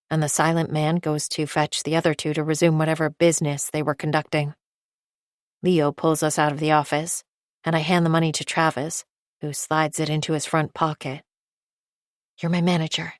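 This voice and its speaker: Low-voiced woman reading an audiobook. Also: no echo, studio quality. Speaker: audiobook narrator. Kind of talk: first-person audiobook narration.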